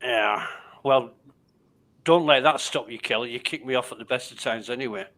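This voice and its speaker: A man's voice: mid-range voice, normal speed, a bit bright. A man with an English accent chatting as a livestream guest over a video call, tired and dry, with plenty of swearing. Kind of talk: casual chat.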